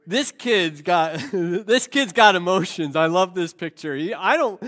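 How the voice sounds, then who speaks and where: Joking, high-voiced man preaching. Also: lively intonation, a little slow, few pauses, a bit bright. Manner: conversational and joking, with frequent restarts. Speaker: pastor. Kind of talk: sermon.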